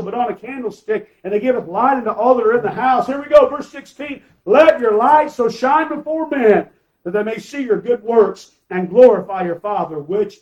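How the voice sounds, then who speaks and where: Male pastor with a high voice, emphatic sermon with rhetorical questions. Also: a little mellow, lo-fi sound.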